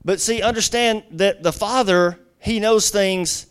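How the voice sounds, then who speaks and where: A man's voice: high voice, measured pace, fairly bright tone, clear, resonant tone. A middle-aged man preaching a sermon as a guest pastor, telling stories conversationally with lots of "you know" asides.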